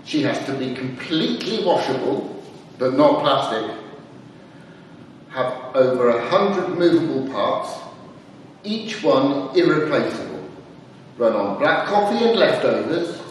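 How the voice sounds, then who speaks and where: A man's voice: mid-range voice, lively intonation, slow pace, long pauses, a little hiss or hum. A man playing the Lord as a fond, patient creator in a dramatised church reading, speaking earnestly and tenderly. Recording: echoey church heard from far off.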